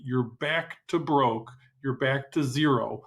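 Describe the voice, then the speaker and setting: A man hosting a podcast who asks probing, measured questions and reads a sponsor spot. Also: medium pitch. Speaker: podcast host. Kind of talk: interview questions and ad read.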